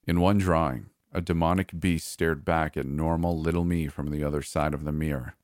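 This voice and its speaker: A man reading a first-person horror story aloud in a measured, calm way. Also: rumbling low, dry recording, clean studio sound. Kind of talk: scripted horror narration.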